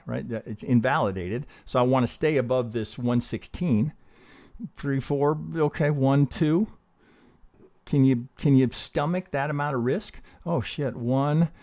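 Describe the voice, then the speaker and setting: A man with a mid-range, darkish voice teaches trading on a live stream. He works through charts casually and profanely, talking himself along with rhetorical questions.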